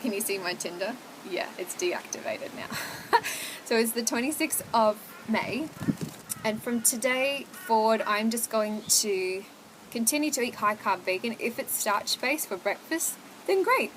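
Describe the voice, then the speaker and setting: A woman's voice: fairly high pitch, measured pace, noisy background. A young woman, talking candidly to camera at home in a chatty, confessional way, full of "like" and "oh my God". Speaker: vlogger. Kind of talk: candid casual chat to camera.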